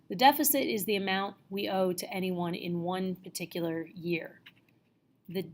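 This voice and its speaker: A woman teacher talking through a lecture over slides in a relaxed, conversational way, with plenty of fillers and restarts as she explains. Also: fairly low pitch, creaky. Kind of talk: casual narrated slide lecture.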